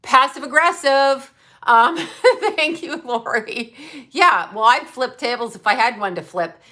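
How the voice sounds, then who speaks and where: Older lady ranting on her livestream, bright voice, swears a lot, blunt and defiant. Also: sits high, expressive, unhurried. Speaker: psychic livestream host. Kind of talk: livestream chat reading super chats.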